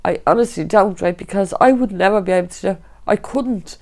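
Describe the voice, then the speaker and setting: Speaking at a moderate pace in a mid-range, darkish voice, a middle-aged Dublin woman with a Dublin accent shares her testimony as a fire survivor during an interview. She brings the story to life by acting out others' voices and keeps asking "right?".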